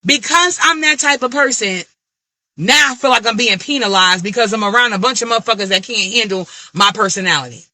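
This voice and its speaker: Woman, African American Vernacular English accent, high voice, piercing bright tone, profane animated rant. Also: fairly quick, no echo. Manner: blunt, profane, animated ranting. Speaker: vlogger. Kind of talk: candid venting monologue.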